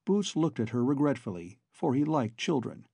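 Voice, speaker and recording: A man's voice: mid-range voice, sing-song, normal speed, gravelly, dark tone, slightly rough, no room sound. A man reading a novel aloud as an audiobook narrator, telling the story steadily. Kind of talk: scripted narration.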